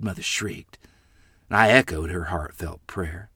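A man's voice: on the low side, normal speed, pushed and bright, slightly rough, no echo, clean studio sound. A man narrating a family memoir with dramatic, vivid emphasis. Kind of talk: storytelling memoir reading.

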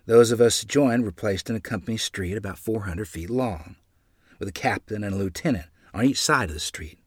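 A man narrating a memoir in the first person with a dramatic, expressive delivery. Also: lowish voice, fairly quick, husky, no room sound, studio quality.

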